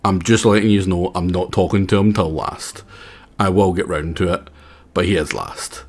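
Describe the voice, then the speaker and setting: A man's voice: deep voice, normal speed, breathy edge. A young man streaming a game, rambling and apologetic in playful, casual commentary.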